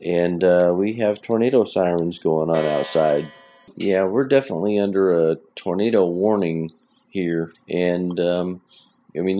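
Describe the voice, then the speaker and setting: A man's voice: low-pitched, dark tone. A man hosting his own podcast from home, talking in a chatty, plainspoken, rambling way. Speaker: podcast host. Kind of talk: casual solo podcast talk.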